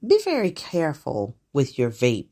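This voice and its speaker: Low-voiced, animated, profane woman host. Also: moderate pace. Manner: profane, blunt and animated, laughing often. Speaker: host of her own show. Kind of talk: casual monologue on current events.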